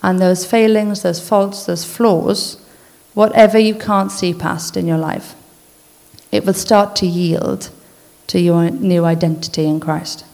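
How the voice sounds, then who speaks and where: A woman giving an informal church talk, speaking earnestly in a conversational way and then reading a list slowly and deliberately. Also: lowish voice, fairly even intonation, vocal fry, a little mellow. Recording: long hall reverb.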